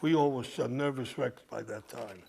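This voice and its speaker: Telling a rambling story to a cinema audience at a live event, an older man laughs as he speaks in a gravelly, slightly mellow, medium-pitched voice at a moderate pace. Audience crowd noise is present.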